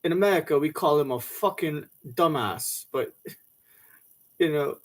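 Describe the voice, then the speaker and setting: Guy ranting and mocking, lots of swearing, kinda high voice. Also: lively intonation, measured pace. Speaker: commentator reacting to a talk show clip. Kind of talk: profane comedic rant.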